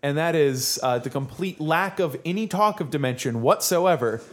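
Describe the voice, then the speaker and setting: A man's voice: fairly high pitch, lively intonation, normal speed. A man hosting a casual podcast chat, rambling with frequent restarts and laughing often. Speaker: podcast host.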